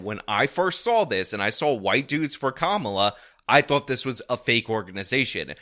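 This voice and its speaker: A man talks in a bright, clear voice that swings widely up and down. He mocks and jabs his way through casual commentary. His tone stays sarcastic throughout. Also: mid-range voice. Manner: sarcastic, mocking. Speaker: online political commentator.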